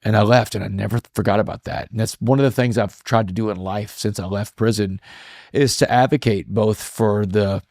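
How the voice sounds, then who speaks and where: Storytelling man, lowish voice. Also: brisk, no echo, clean studio sound. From Texas. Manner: casual, animated storytelling with many "man" fillers. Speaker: guest, motivational speaker. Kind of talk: storytelling in a podcast interview.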